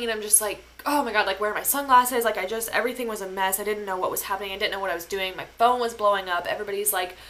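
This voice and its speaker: A woman's voice: medium pitch, bright, forceful tone, slight background noise. A young woman hosting a podcast, telling a personal story in a casual, emotional way, with lots of filler words and swearing. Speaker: podcast host.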